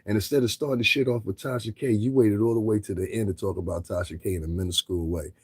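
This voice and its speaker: A man's voice: on the low side, fairly even intonation, fast, breathy edge, no room sound. A man commentating on a livestream in a blunt, profane, lecturing rant.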